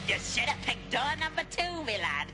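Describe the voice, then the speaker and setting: A man's voice: very high voice, exaggerated voice. An actor playing a mischievous, menacing old male leprechaun who taunts in singsong rhymes and cackles, in a horror film clip. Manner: taunting rhymes, old-world brogue phrasing. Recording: film clip over loud music.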